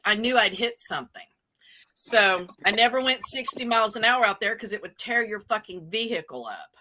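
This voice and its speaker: A woman hosting a casual livestream chat, telling a story in a swearing, animated way. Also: on the high side. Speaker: show host.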